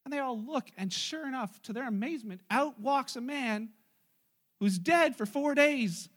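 A man's voice: very high-pitched, moderate pace, fairly bright tone. A man preaching a sermon in church, retelling a Bible story in a casual, joking way to his congregation. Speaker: pastor.

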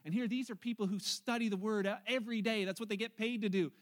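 A man's voice: high-pitched, fairly even intonation, fast talker. A male pastor delivering a sermon at a church service, telling the story in a chatty, joking way.

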